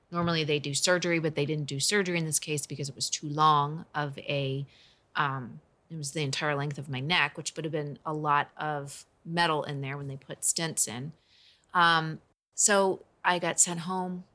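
A woman in her forties speaks in an earnest, conversational way as she tells a personal story. Her voice sits low, but its tone is bright and forceful. She coaches business owners. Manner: earnest, emotional, conversational with restarts.

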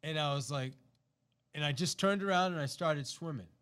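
An animated, middle-aged man hosting a podcast and telling a personal story. His voice sits fairly high for a man, and he acts out the quoted lines and often restarts his sentences. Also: moderate pace, smooth. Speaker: podcast host. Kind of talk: personal story told to listeners.

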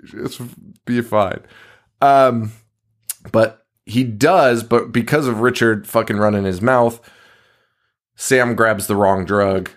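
A man's voice: on the low side, takes it slowly. A man co-hosting a podcast, recapping a horror movie in casual chat, swearing often, laughing and acting out the characters' lines. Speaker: podcast co-host.

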